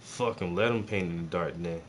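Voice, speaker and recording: A man from South Carolina with a low-pitched voice talks a little fast while he paints, joking and rambling profanely to his viewers. There's a slight hiss or hum in the audio.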